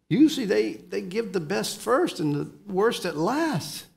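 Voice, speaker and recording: A pastor preaching a sermon, moving between hushed lines and emphatic ones and often repeating words as he starts a thought. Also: fairly high pitch, lively intonation, normal speed, creaky, hardly any pauses.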